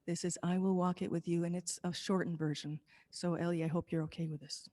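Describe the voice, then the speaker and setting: A woman, a folk musician, chatting casually between songs at an online concert, soft-spoken and hesitant with many ums and restarts. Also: lowish voice, little pitch movement, a little fast, slight background noise. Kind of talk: casual between-song chat at a virtual concert. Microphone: video call.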